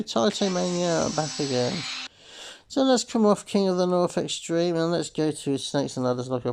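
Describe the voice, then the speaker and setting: A man's voice: mid-range voice, creaky, a little mellow, poor audio. A man hosting a slot game video, rambling casually to viewers with lots of "sort of" fillers and calling them folks. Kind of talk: casual gameplay commentary.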